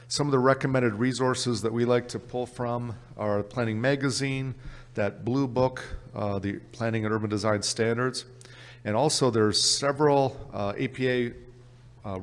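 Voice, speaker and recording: Canadian man giving a brisk workshop talk. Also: mid-range voice, big-room sound. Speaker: workshop presenter. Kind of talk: exam prep presentation. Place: conference session room.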